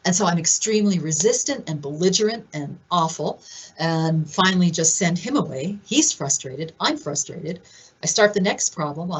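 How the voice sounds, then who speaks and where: A woman presenting at a conference, telling stories in an animated way and acting out the quoted voices. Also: fairly low pitch, slightly rough, low-quality recording. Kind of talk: conference talk.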